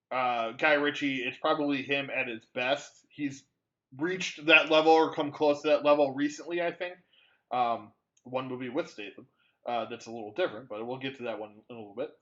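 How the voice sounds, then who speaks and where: A man's voice: mid-range voice, fairly bright tone, lo-fi sound. A man co-hosting a movie podcast, chatting casually with a rambling delivery full of fillers and restarts. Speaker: podcast co-host. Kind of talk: casual movie-review chat.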